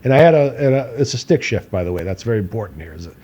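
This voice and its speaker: On a lo-fi recording, a podcast co-host races through a long, rambling personal story with a warm, medium-pitched voice and lively intonation. He laughs frequently and bumps up his volume to act out quotes.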